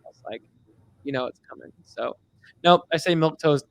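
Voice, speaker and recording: A man co-hosting a podcast in casual chat, teasing and rambling with animated shifts. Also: on the high side, moderate pace, gravelly, no echo. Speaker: podcast co-host.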